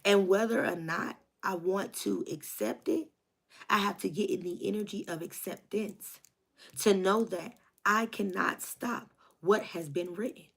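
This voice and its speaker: A woman's voice: mid-range voice, measured pace, vocal fry, fairly bright tone. A woman doing a spiritual tarot reading for her viewers, preaching with rhythmic repetition and a hyped, encouraging manner. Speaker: tarot reader.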